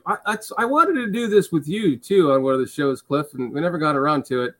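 A man hosts a relaxed chat show, loose and easy, with the odd curse word. His voice sits a bit higher than most men's. He laughs easily with his co-host. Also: quick pace. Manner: casual, swears, laughs easily. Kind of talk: casual chat.

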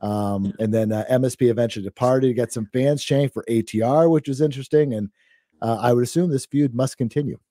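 A man with a mellow, warm voice talks through a recap in a loose, chatty way, full of "uh"s and small laughs. The sound is dry and close, with no room around it. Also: mid-range voice, fairly quick, no room sound. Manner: relaxed, chatty, many fillers and laughs. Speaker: podcast co-host. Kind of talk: casual wrestling recap chat.

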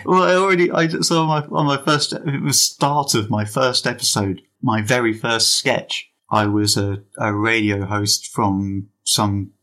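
A man's voice: medium pitch, little pitch movement, a little slow, few pauses, a bit bright. A British man talking casually as an interview guest, thoughtful and hesitant with frequent restarts. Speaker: comedy podcaster, guest.

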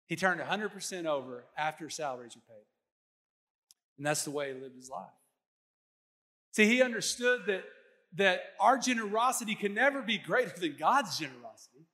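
A man's voice: sits high, animated, fairly quick, sharp tone, in a large hall. A man pastor preaching a sermon, telling stories with quoted voices and laughing now and then.

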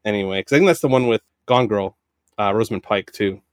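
A man co-hosting a podcast, chatting about movies in a rambling, profane, excitable way with lots of fillers. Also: fairly low pitch, fast talker, dry recording, studio quality. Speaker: podcast co-host. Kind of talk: casual movie review chat.

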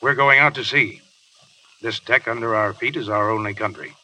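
Man voicing a solemn pirate captain, bright clear voice, measured declarations, old-time radio drama. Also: fairly low pitch, recorded from a distance, slight background noise, poor audio. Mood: resolute. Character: proud pirate captain, grown man, grave and resolute. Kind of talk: 1930s radio drama acting.

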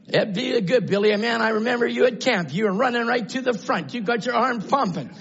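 An older man preaching a fiery sermon, shouting at times and then dropping to low murmurs. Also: fairly quick, vocal fry, hardly any pauses. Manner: shouting, swinging from low murmurs to high cries. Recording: dull lo-fi sound.

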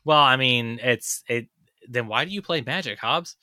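A man's voice: mid-range voice, moderate pace, sharp tone, dry recording, studio quality. A man hosting a casual podcast interview, teasing his guest and rambling through his questions. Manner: teasing, joking, rambling with fillers. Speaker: podcast host.

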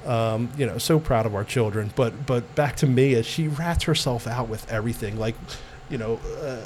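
A middle-aged man from the United States talks as a guest in a relaxed interview. His voice sits at an ordinary mid pitch, and his talk wanders with many fillers, restarts and easy laughter. A faint noise floor runs under the recording. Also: normal speed. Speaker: guest, Italian-American club president. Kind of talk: casual interview chat.

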